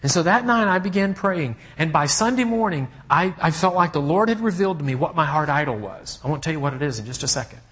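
A man preaching a sermon as a personal story, talking conversationally and checking in with his listeners, with swings from hushed to emphatic. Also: fairly high pitch, fast, hardly any pauses. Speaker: pastor.

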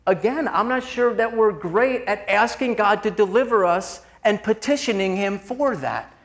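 High-voiced earnest male preacher. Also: lively intonation, normal speed, fairly bright tone. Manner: conversational, addresses listeners as "gang"; earnest and confessional, mixing personal stories with scripture. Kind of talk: sermon.

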